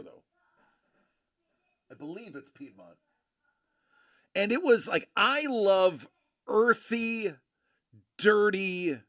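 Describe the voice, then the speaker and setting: A man with a fairly high, gravelly and bright voice talks slowly and enthusiastically about a wine bottle. His casual talk rambles, with lots of fillers and restarts. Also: no echo, studio quality. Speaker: host of a collecting channel.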